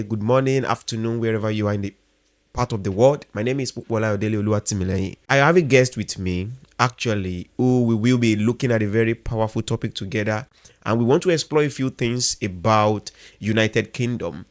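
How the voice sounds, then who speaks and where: A lower-pitched man hosts a faith podcast. He asks his guest earnest, emphatic questions about revival. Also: fairly quick. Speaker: podcast host.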